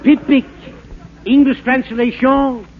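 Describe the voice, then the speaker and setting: An actor playing a bumbling fake French professor, in rambling, stammering comic patter for a 1940s radio comedy. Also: male voice, extremely high pitch, flat delivery, slow pace, a crowd in the background. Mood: mock-lecturing. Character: bumbling fake French professor, fast-talking huckster man. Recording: narrow-band scratchy 1940s radio broadcast.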